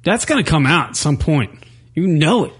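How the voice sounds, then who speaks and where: A man co-hosting an internet radio show, ranting in loud, profane, crude banter. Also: a little high, animated, moderate pace, slightly rough. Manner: loud, profane, riffing rants.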